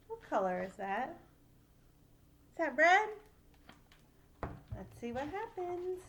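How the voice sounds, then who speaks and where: Animated older woman reading to kids. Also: fairly high pitch, slow pace, pauses often. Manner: animated, playful, asks the listener questions. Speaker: great-aunt reading aloud. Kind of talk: children's story reading.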